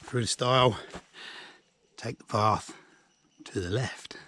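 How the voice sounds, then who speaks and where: A man's voice: medium pitch, slow pace, background noise. A middle-aged man guiding a walk outdoors on woodland lanes, talking while hiking and giving directions with dry jokes. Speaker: walking guide. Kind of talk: casual walking vlog narration.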